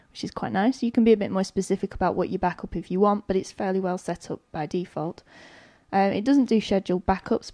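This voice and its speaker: Woman explaining software calmly. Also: medium pitch, no room sound. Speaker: podcast co-host. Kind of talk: casual podcast chat.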